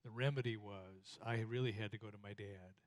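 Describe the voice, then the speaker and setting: A man's voice: on the low side, steady tone, brisk. A man giving marriage teaching in a church, telling folksy, self-deprecating stories and often stumbling and repeating his words. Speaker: minister teaching with his wife.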